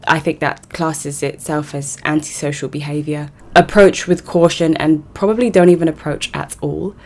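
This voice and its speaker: A woman's voice: low-pitched, steady tone, moderate pace, a little mellow. A young woman from South West London with a South London English accent, giving emphatic, incredulous commentary straight to her viewers. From South West London, England. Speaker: vlogger. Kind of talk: casual commentary to camera.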